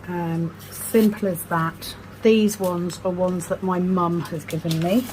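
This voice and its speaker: A woman vlogging in casual chat while sorting craft supplies at home, self-deprecating, slowly murmuring numbers to herself. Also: lowish voice, fairly even intonation, a little mellow. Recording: noisy background hiss.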